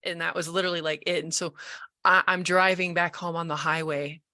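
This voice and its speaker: A lower-pitched woman with a bright, forceful voice tells her story as an interview guest, lively and quick to act out the voices of people she quotes. She often restarts her sentences mid-thought. The sound is dry and close, with no room around her. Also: no room sound. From Colorado. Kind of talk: casual interview conversation.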